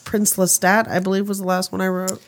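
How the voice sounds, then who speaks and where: A woman's voice: mid-range voice, level tone, a little fast. A woman co-hosting a casual podcast, chatty and opinionated. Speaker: podcast co-host. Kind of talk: casual chat.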